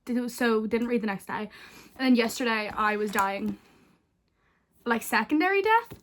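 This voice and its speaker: In a bathroom at night, a young Northern Irish woman with a Northern Irish accent vlogs about books, chatting to camera in a giggly, casual way and swearing freely. Her voice is on the high side, at normal speed with fairly even intonation, recorded in an echoey room with background noise.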